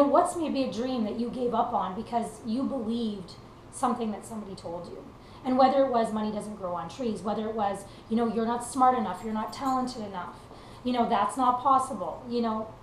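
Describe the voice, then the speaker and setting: A young woman from Canada, a country singer, giving an earnest, casual motivational talk with lots of fillers. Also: fairly high pitch. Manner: earnest, conversational, many fillers. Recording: echoey room with faint noise.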